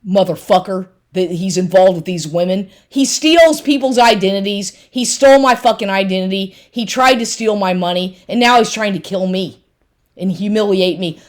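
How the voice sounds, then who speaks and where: A woman venting in an angry personal rant, bitter and accusatory, with swearing in nearly every line. Her voice sits at an ordinary middle pitch for a woman. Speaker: vlogger.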